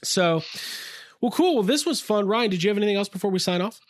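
A man's voice: sits high, lively intonation, fast talker, no echo, studio quality. A man co-hosting a casual chat podcast, rambling, self-interrupting and laughing easily. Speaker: podcast co-host.

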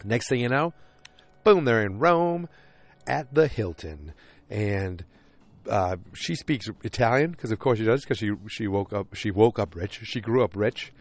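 A man's voice: lowish voice, lively intonation, measured pace. A man casually recapping a TV episode, rambling with lots of fillers and acting out the characters' lines. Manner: rambling, full of fillers, acts out quotes.

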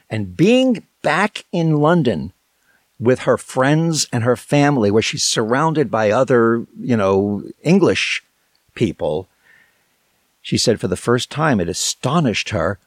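An American man, a broadcasting veteran, telling stories as a guest in rambling, animated fashion. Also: medium pitch, a little slow, no echo, studio quality. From United States. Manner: rambling, animated storytelling with chuckles. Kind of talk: casual interview chat.

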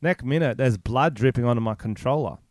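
A man's voice: medium pitch, fairly quick, darkish tone, no room sound, clean studio sound. A young man with a New Zealand accent, co-hosting a podcast and telling crude, rambling stories as a joking storyteller. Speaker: podcast co-host. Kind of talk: crude casual podcast banter.

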